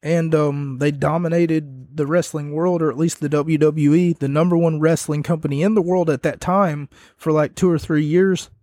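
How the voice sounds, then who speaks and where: A young man giving a rambling, casual wrestling recap that grows animated as he retells the scenes. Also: on the high side, moderate pace, hardly any pauses, no echo. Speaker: wrestling commentator.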